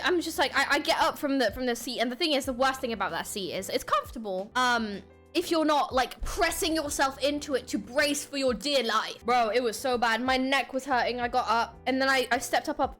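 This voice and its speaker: A young woman streamer telling a story casually, animated and swearing, laughing often. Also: on the high side.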